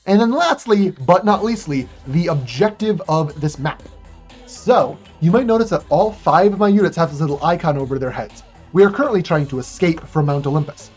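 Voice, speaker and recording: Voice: medium pitch, animated, moderate pace, darkish tone, breathy edge, faint music behind. Jokey rambling speedrun commentator.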